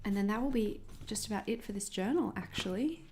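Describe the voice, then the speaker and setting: A woman's voice: mid-range voice, animated, fairly quick, a little mellow, a little hiss or hum. Bubbly Australian woman livestreaming. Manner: chatty, bubbly, talks to chat viewers. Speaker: journaling livestream host. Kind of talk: casual livestream chat.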